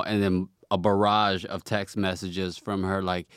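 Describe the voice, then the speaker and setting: A man's voice: low voice, unhurried, a little hiss or hum. A man telling stories in casual podcast chat, acting out what other people said. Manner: animated storyteller, acts out quotes.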